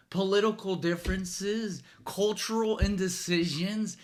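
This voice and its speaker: A man's voice: mid-range voice, animated, normal speed, fairly bright tone. A man hosting a late-night comedy monologue, rambling and self-mocking, recorded on a phone. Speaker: host.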